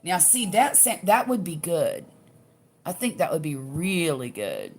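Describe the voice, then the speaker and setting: A woman's voice: on the low side, very animated, unhurried. An older woman with a Southern US accent chatting casually, folksy, reading out viewer comments and laughing often. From US Gulf Coast. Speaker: livestream crafting host.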